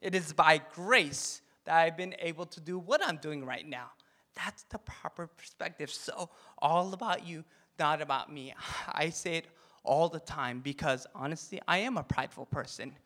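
A pastor, a man, giving an animated, jokey sermon and leading the crowd in call-and-response chants. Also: a little high, moderate pace. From Korean heritage. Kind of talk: sermon talk.

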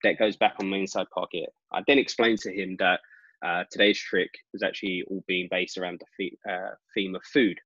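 A British man talking as a guest magician, telling stories in a lively way full of "like" fillers. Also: low voice, brisk, no echo. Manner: animated, lots of "like" fillers. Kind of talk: casual storytelling chat. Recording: dull dry lo-fi sound.

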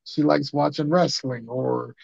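A man's voice: on the high side, steady tone, a little slow, gravelly, a little mellow, dry recording. A man hosting a podcast in casual, slangy banter with a guest. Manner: laid-back slangy banter. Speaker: podcast host. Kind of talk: casual chat. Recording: dull lo-fi sound.

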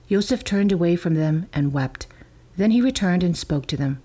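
A woman with a somewhat low voice reads scripture aloud. Her delivery is measured and clear, in a storytelling manner. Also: animated, mellow. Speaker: reader.

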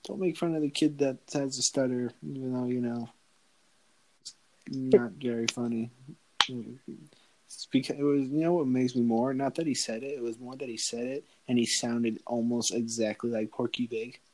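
A young man of middle pitch chatting casually with a friend. He is insistent and teasing, and he tells his stories with quoted back-and-forth. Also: fairly even intonation, normal speed, low-quality recording. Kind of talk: casual chat.

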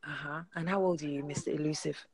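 A woman's voice: low voice, fairly even intonation, quick pace, slightly rough. A woman hosting a casual podcast, chatty and teasing, laughing often. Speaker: podcast host.

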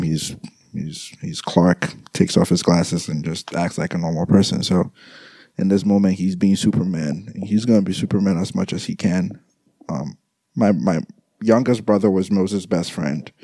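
A young man talks to his listeners in a slow, halting way, stumbling over and repeating words. His voice sits very low and mellow. The sound is dry, with no room around it. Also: husky, no room sound. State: grieving, subdued. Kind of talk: grieving personal monologue.

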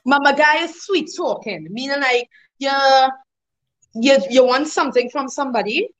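A woman guest in a casual chat, explaining local sayings with laughter and animated asides. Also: sits high, moderate pace, poor audio.

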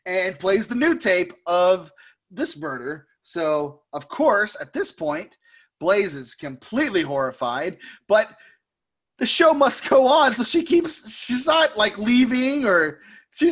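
High, lively man recapping a movie. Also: slow, breathy edge. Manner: animated storyteller who puts on squeaky impressions; jokey, laughs often. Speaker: podcast co-host.

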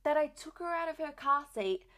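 A woman's voice: high-pitched, expressive, moderate pace, fairly bright tone. A young adult woman, a new mother, telling her own story in a candid, chatty way with lots of "like" fillers. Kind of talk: casual personal storytelling.

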